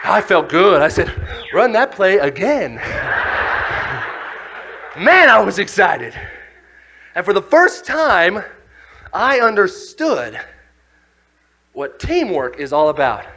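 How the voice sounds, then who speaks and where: Lively high-voiced man telling a story. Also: takes it slowly, pauses often, a crowd in the background, noisy background. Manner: animated storytelling with acted-out voices and shouts. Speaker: youth speaker. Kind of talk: motivational youth talk.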